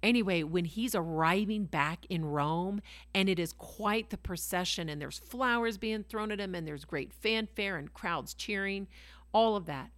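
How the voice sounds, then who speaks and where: A woman's voice: mid-range voice, measured pace, no room sound. A woman reading scripture aloud and teaching on it in a devotional podcast, enthusiastic, exclaiming and asking her listeners rhetorical questions. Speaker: Bible teacher and podcast host.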